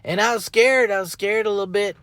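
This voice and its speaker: Rambling folksy man, slightly high voice. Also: brisk, a bit bright, no room sound. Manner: rambling, folksy, repeats phrases. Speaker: podcast host. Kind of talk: casual motivational monologue. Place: outdoors up in a tree.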